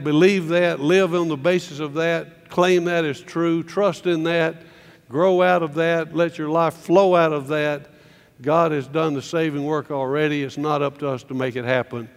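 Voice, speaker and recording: A man's voice: a little high, long reverb tail. A man preaching a sermon from slides, earnest, often repeating words as he builds a point.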